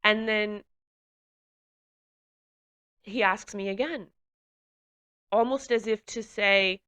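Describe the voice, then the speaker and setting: A woman's voice: mid-range voice, takes it slowly, long pauses, fairly bright tone, clean tone. A woman giving an emotional personal testimony, speaking hesitantly with many fillers and restarts. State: emotional, runny nose. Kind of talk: personal testimony, reflective storytelling.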